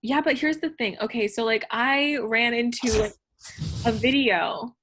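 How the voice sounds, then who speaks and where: A woman's voice: fairly high pitch, unhurried, fairly bright tone, slight background noise. A young woman, a podcast guest, telling a personal story in casual chat, candid and profane, with lots of fillers.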